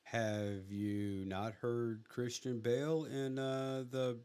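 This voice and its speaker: A man's voice: medium pitch, level tone, takes it slowly, mellow, smooth. A man co-hosting a podcast, trading laid-back, swearing banter in casual late-night chat. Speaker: podcast co-host.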